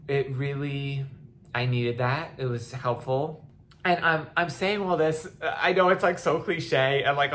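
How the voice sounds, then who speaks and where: Her voice rumbles low as this young woman hosts a podcast, giving an impassioned, casual monologue against slight background noise. Many restarts break up her speech, and at moments she is almost in tears.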